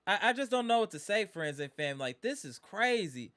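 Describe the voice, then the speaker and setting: A man with a high, bright voice hosts a live fan stream and vents in exasperation. He repeats his points and talks straight to his viewers. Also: sing-song, normal speed. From Wisconsin. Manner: exasperated, ranting, repeats himself.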